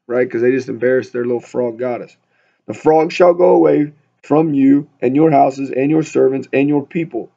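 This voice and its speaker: A man's voice: medium pitch, normal speed, vocal fry, dark tone. A man leading a casual Bible study, reading scripture aloud and then riffing on it with humor in a chatty way. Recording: dull lo-fi recording.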